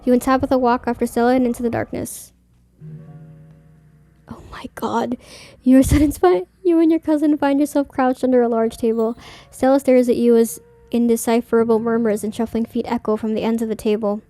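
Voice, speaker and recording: A young woman reads a horror game aloud with playful, reactive comments. Her voice sits fairly high but sounds mellow. Soft music plays faintly underneath. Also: fairly even intonation, fast, few pauses, no echo. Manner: playful, reactive, swears and laughs. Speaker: gaming streamer. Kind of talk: let's play, reading game text aloud.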